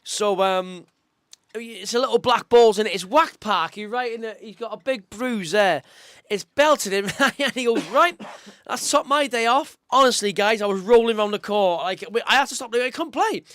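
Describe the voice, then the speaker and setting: Man, young, high voice, chatty, emotional, dry close sound. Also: normal speed, clear, resonant tone, no room sound. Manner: chatty and emotional, calls everyone mate. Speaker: co-host, youth football coach. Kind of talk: casual live-stream chat.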